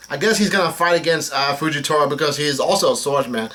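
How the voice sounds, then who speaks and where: A manga reaction host, a young man with a bright, forceful, slightly high voice, reads through a comic in casual live commentary, delivering character lines flatly. He talks fast with hardly any pauses, stumbles on names, and keeps restarting after "uh" and "um."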